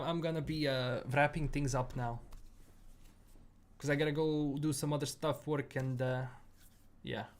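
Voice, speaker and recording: Easygoing Bosnian-accented young man, fairly high voice. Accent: Bosnian-tinged English mixed with British and American sounds. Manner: easygoing, rambling, many fillers and repeats. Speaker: gaming streamer. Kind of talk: casual livestream chat answering viewers.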